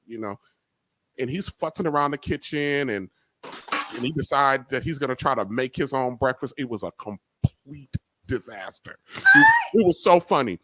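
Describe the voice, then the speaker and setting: A man co-hosting a live cooking show, telling a family story in a relaxed way, laughing along and saying "you know" often. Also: medium pitch. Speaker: co-host. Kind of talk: casual storytelling.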